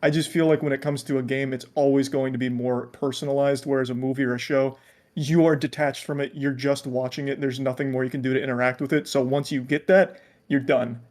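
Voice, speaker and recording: A man's voice: mid-range voice, little pitch movement, brisk, darkish tone. A man streamer on a call, chatting casually and giving blunt, joking opinions. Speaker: guest streamer. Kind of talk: casual chat.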